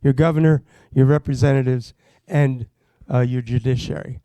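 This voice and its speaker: A man, a state legislator from Pennsylvania, gives an impassioned political speech that builds to loud, emphatic calls. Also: mid-range voice, fairly even intonation, moderate pace, dry recording.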